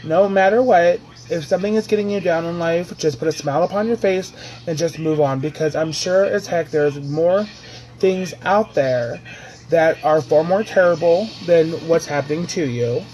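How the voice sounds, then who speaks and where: A man's voice: a little high, moderate pace, darkish tone, a little hiss or hum, poor audio. A man telling a personal story in a casual vlog, chatty and rambling, restarting his sentences often. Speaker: vlogger.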